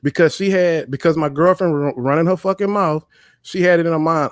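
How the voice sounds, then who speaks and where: A man's voice: on the high side, brisk, clean tone, no room sound, clean studio sound. Profane, heated man ranting on a livestream. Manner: profane, emphatic, storytelling rants. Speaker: livestream host. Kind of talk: heated casual commentary.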